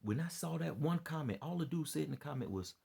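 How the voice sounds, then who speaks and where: A man's voice: fairly high pitch, animated, fast, creaky, a little mellow, husky. A tired man rambling through an earnest, preachy monologue to his followers, often repeating himself. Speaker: vlogger giving religious commentary.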